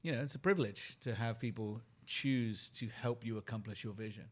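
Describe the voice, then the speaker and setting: A man from the UK with a British accent, a podcast guest telling his story in an earnest, reflective way, listing his thoughts slowly with pauses. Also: on the low side. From United Kingdom. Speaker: guest, company leader and keynote speaker.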